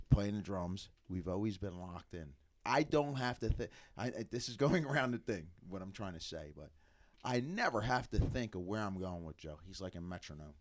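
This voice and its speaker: A middle-aged man in casual podcast chat, an animated storyteller who acts out what others said. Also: fairly low pitch. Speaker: band member, father of bandmates.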